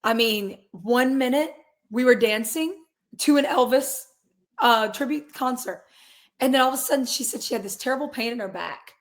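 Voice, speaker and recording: An earnest woman in her twenties, a guest in a relaxed interview. Her voice sits a little high for a woman. She rambles, circles back, and slips into quoted asides. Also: normal speed. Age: 20s. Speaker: guest, singer and real estate agent. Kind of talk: casual conversational interview.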